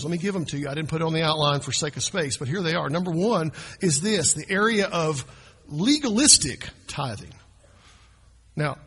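In the church sanctuary, a man preaches as pastor, talking with his congregation conversationally and posing questions. His fairly high voice is fairly bright and slightly rough, and the sound carries long hall reverb.

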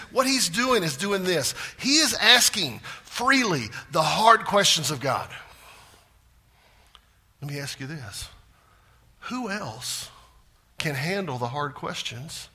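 A man preaching a sermon with big swings in pitch and loudness, sometimes dropping to a hushed voice for emphasis. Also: animated, measured pace, husky. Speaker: pastor.

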